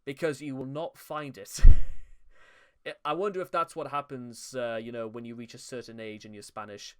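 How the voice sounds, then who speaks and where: A young man with a smooth, resonant voice, pitched in an ordinary middle range. He hosts a commentary video, reading narration and breaking off into sarcastic, mocking asides that are full of stumbles and restarts. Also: fairly even intonation, moderate pace, fairly bright tone. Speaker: commentary channel host.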